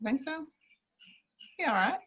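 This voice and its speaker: A woman reading scripture in a measured way, then chatting playfully with a child on a video call. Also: sits high, big pitch swings, pushed and bright, highs cut off.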